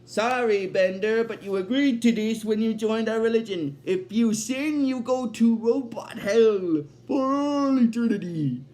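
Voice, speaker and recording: A theatrical cartoon robot devil who stretches his words out slowly and grandly, as a man puts him on. The voice comes through louder and a little more distant than the man's own talk. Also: very high voice. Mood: menacing.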